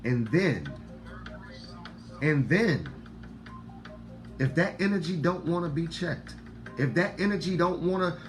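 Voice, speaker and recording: Deep-voiced man preaching to viewers. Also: expressive, slow pace, pauses often, soft background music. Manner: preachy, repeats lines for emphasis, swears; swings between loud outbursts and low murmurs. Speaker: online talk host. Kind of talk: casual monologue to viewers.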